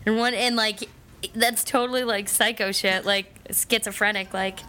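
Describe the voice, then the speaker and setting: A woman's voice: mid-range voice, fairly even intonation, moderate pace, bright, forceful tone, a little hiss or hum. A woman co-hosting a comedy radio talk show, rambling through stories with constant fillers and swearing. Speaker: co-host. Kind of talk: casual comedy chat.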